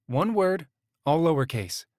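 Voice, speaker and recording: A man's voice: a little high, very animated, a little slow, a little mellow, no room sound, studio quality, voice pushed up. A man voicing a flustered young woman who speaks in a chirpy, placating way.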